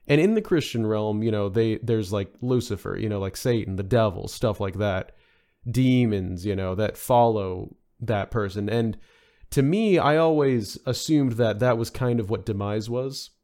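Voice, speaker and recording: A man's voice: on the low side, moderate pace, mellow. A man chatting as a podcast guest, rambling with many fillers and restarts. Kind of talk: casual podcast discussion.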